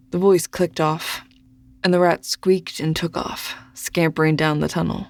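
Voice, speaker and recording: An audiobook narrator reading a first-person story in a measured, deliberate way. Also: medium pitch, gravelly, no echo.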